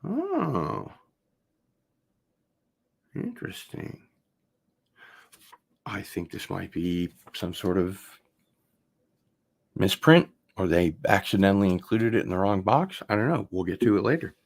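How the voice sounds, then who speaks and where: A man hosting a casual unboxing video, chatting in a relaxed, rambling way and getting excited about vinyl records. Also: low-pitched, normal speed. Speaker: host.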